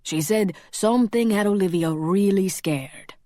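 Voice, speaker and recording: A woman's voice: medium pitch, measured pace, dark tone, dry recording, clean studio sound, lightly acted. A woman voicing a cocky young male shapeshifter who teases his friend in joking, slangy banter.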